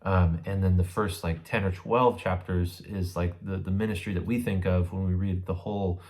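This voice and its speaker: A man's voice: sits low, steady tone, moderate pace, darkish tone. A man giving a casual, conversational Bible study lesson, often checking in with his listeners as he explains a passage. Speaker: Bible teacher.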